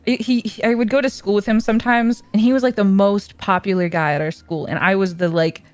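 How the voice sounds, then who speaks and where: A woman's voice: mid-range voice, steady tone, fairly quick, dry recording. A young woman streamer chatting casually, telling stories with many fillers and frequent giggles. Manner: giggly, storytelling with lots of "like". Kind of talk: casual chat.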